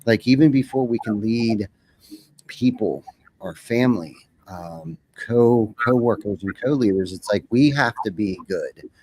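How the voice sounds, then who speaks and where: Low-voiced man, rambling and candid. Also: measured pace, a little mellow, breathy edge, dry recording. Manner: rambling, repeats words when starting sentences. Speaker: podcast guest. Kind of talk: casual conversation.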